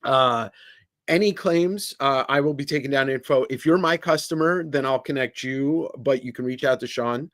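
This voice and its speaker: A man's voice: mid-range voice, normal speed, fairly bright tone, dry recording, clean studio sound. A man hosting a live comic sale stream from an office, joking and greeting viewers by name. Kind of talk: casual livestream chat. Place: indoor office.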